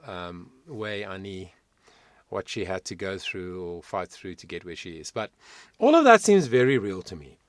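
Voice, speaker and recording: A man's voice: lowish voice, a bit bright, dry recording. A man working as a vocal coach, giving reflective, emphatic commentary in a reaction video.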